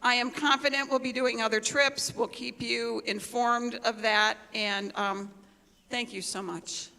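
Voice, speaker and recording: A chatty woman announces a raffle draw at an event, eager and reassuring. Her voice is very bright with a gravelly edge. Faint crowd sound and light noise sit under the long reverb of a large hall. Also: on the high side, fairly even intonation, measured pace. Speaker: event organizer drawing a raffle. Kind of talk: stage announcement. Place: large performing arts hall.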